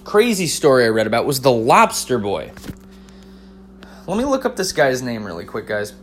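A man's voice: medium pitch, wildly swooping pitch, normal speed, a little hiss or hum. Profane, slangy male podcast host. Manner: profane, slangy, says "dude" a lot. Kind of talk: casual storytelling chat.

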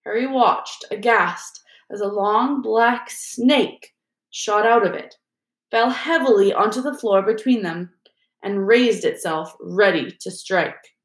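A woman narrating an audiobook in a steady storytelling manner. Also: medium pitch, slow pace. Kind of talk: audiobook reading. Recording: roomy echo.

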